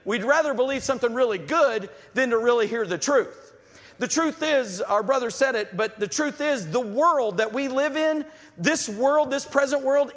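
A man's voice: very high voice, a bit bright, long reverb tail. A man preaching a sermon, reading scripture aloud and acting out the voices he quotes with fervor.

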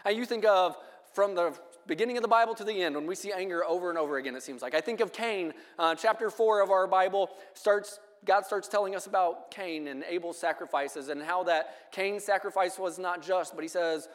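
A man with a high voice delivers a sermon, moving at a measured pace and reading scripture aloud. His words ring out with a long echo from the church hall around him. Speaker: preacher.

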